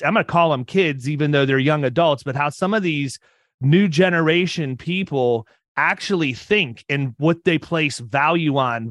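A man in his fifties hosts an interview in a relaxed, rambling way. He often restarts his sentences, and his voice runs slightly high. The recording is dry, with no room sound. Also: dry recording. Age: 50s. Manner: talkative, rambling with frequent restarts. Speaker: podcast host. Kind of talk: casual interview chat.

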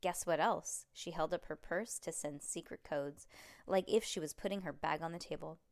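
A woman's voice: low voice, normal speed. A woman reading a children's book aloud, breaking off for chatty asides to young listeners.

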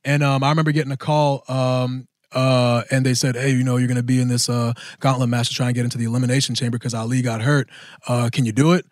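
A man in his thirties, co-hosting a podcast, telling a story in a casual, animated way and acting out the voices of people he quotes. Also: medium pitch, quick pace, dry recording, studio quality. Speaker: podcast host.

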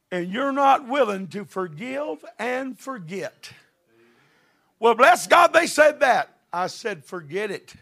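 A middle-aged man preaching a sermon with fervor, building to shouted passages. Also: sits high, creaky.

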